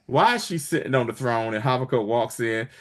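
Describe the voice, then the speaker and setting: A man's voice: mid-range voice, animated, brisk, fairly bright tone. A man casually retelling a TV episode to his co-host, acting out the characters' lines in shifting voices. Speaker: podcast co-host recapping a show. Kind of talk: casual chat.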